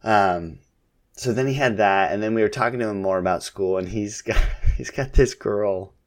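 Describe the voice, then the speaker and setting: A man in his thirties, a podcast co-host, casually chatting about his kids in a relaxed, rambling way with lots of fillers. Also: fairly low pitch, normal speed. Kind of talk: casual chat about family.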